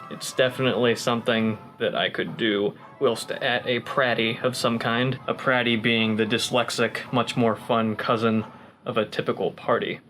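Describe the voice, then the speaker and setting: A man's voice: medium pitch, fairly bright tone, low-quality recording. Tipsy young man rambling to camera. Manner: joking, rambling, swears freely. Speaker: vlogger. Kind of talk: casual rambling vlog.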